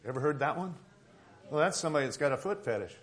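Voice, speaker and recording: Guy preaching casually, cracking jokes, voice sits a bit high for a man. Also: lively intonation, quick pace. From Tucson, Arizona. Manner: conversational, joking asides. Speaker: pastor. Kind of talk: sermon.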